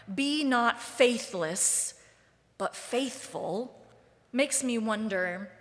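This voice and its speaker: Slow, wry woman preaching in a reverberant sanctuary. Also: mid-range voice, fairly bright tone. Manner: deliberate, wry and conversational. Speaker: pastor. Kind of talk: sermon. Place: church sanctuary. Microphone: live-streamed service mic. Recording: long reverb of a church sanctuary.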